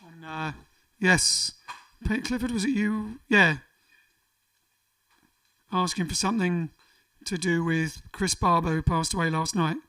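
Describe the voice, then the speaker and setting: A man's voice: high-pitched, unhurried, long pauses, pushed and bright, far from the mic. A man hosting a casual livestream, reading out viewer comments in a jokey, rambling way. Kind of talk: casual chat. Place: home during lockdown.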